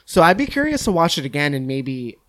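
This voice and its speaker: A man's voice: on the high side, very animated, a little fast, fairly bright tone. A man in casual podcast chat about films, rambling with lots of fillers and the odd swear. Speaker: podcast host discussing films.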